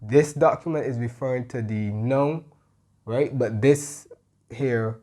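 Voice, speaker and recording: A man's voice: medium pitch, takes it slowly, a little mellow. A man teaching an English grammar lesson, explaining patiently and often checking in with "right?". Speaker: English tutor.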